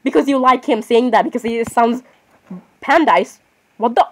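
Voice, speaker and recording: A woman's voice: on the high side, normal speed. A woman giving casual gameplay commentary, chatting on and arguing with herself, often breaking off to apologize. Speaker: gaming channel host.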